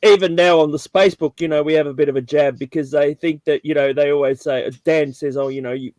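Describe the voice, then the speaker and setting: A man's voice: on the high side, fairly even intonation, fairly quick, a little mellow, no room sound. A man from Tasmania with an Australian accent, chatting casually on a video call as panel host, rambling with lots of fillers.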